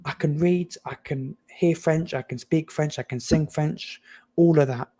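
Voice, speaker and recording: A young man from England giving opinionated, animated takes in a casual football chat, often stumbling and restarting. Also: fairly high pitch, measured pace. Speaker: panelist.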